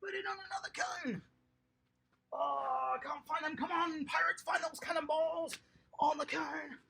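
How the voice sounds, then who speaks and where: Bright, gravelly coach, upbeat with little kids, outdoor garden lesson. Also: high-pitched, measured pace. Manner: lively, encouraging, praising the children. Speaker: children's tennis coach. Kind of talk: home tennis lesson for young children.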